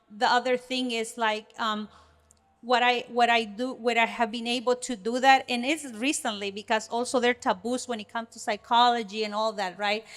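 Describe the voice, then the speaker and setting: A woman co-hosts a relaxed podcast in a slightly high voice. She speaks with earnest energy, frequently starting her sentences over as she figures out what she wants to say.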